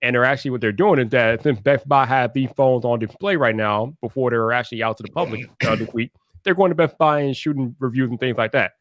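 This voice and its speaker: A man's voice: mid-range voice, fast talker, few pauses, fairly bright tone, dry recording, clean studio sound. Laid-back man co-hosting a livestream. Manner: laid-back slangy talk. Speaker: livestream co-host. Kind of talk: casual livestream chat.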